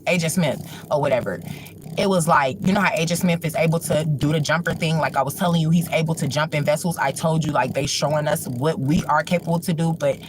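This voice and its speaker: A woman's voice: sits low, fairly quick, background noise. A woman hosting a livestream, telling a personal story at home in a rambling way, full of filler words. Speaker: livestream host.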